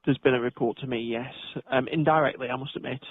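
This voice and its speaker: Man, housing officer, gravelly husky voice, measured and hesitant, tinny dry phone line. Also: medium pitch, fairly even intonation, no echo. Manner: measured, hesitant, procedural, with many ums and restarts. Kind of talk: phone call with a tenant.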